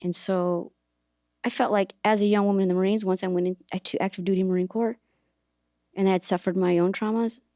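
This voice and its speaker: A woman's voice: medium pitch, fairly even intonation, fairly quick, mellow, dry recording, studio quality. A woman hosting a podcast, telling a personal story in a reflective, earnest way, with hesitations and restarts. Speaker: podcast host and author.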